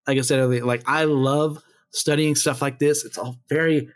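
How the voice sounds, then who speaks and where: Brief: male Bible study host, mid-pitched, reads scripture, then casual commentary full of fillers. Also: steady tone, normal speed. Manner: conversational, with frequent fillers and asides.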